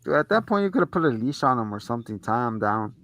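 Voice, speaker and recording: A man's voice: medium pitch, fast talker. A man co-hosting a movie review show, retelling the plot in casual chat with lots of swearing and acted-out lines. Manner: animated retelling full of swearing, acts out the characters.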